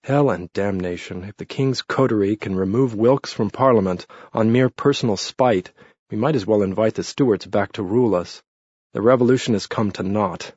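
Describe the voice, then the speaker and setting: A man voicing a quick-tempered, profane Englishman who bursts out indignantly. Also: lowish voice, darkish tone, breathy edge, dry recording. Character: hot-tempered swearing Englishman, dark-haired. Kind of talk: audiobook character reading. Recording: muffled lo-fi recording.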